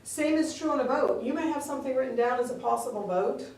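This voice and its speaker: A woman's voice: sits high, fast, creaky, darkish tone, recorded from a distance. A woman giving a conversational training talk on meeting rules, explaining step by step and acting out little quoted exchanges. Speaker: open meeting law trainer. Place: district office meeting room. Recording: very echoey room, picked up from afar.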